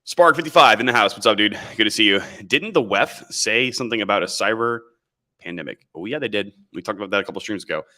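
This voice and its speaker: A man's voice: fairly low pitch, fast, sharp tone. A man hosting a casual livestream, reading chat comments and rambling sarcastically, calling his viewers boys. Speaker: livestream host. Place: indoors, standing in camera frame.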